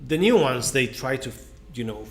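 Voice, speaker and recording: A man's voice: medium pitch, animated, a little fast. Hesitant man. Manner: hesitant, searching for words with many uhs. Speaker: wine tasting co-host. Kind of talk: casual online tasting chat.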